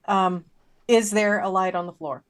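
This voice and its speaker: A woman playing a confused character in a horror tabletop game, speaking hesitantly with many pauses and ums. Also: mid-range voice, steady tone, a crowd in the background. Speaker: player.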